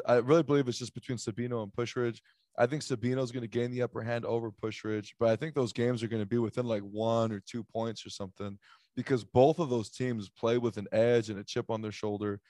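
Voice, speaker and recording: A man's voice: medium pitch, fairly even intonation, a little fast, a little mellow, dry recording, studio quality. A man hosting a casual sports chat, joking and rambling with lots of fillers as he runs through picks. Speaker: sports podcast host.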